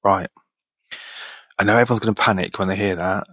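A man's voice: on the low side, fairly even intonation, fairly quick, fairly bright tone, slightly rough, dry recording. A man around thirty hosting a casual Q&A podcast, reading out listener questions and answering them in a laid-back way, laughing often and swearing casually. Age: 30s. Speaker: podcast host.

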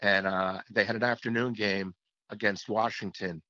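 A man with a fairly low voice looks back on his years as a hockey play-by-play announcer. He tells his stories reflectively and often restarts his sentences. The sound is slightly muffled and lo-fi, and it is dry, with no room echo. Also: steady tone, normal speed, bright, forceful tone. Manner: reflective storytelling with frequent restarts. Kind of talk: reminiscing interview talk.

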